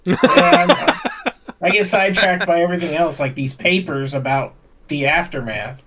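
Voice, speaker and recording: A man's voice: a little high, normal speed, pushed and bright, slight background noise. A man playing in a tabletop game, talking casually in character and often restarting his sentences. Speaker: player.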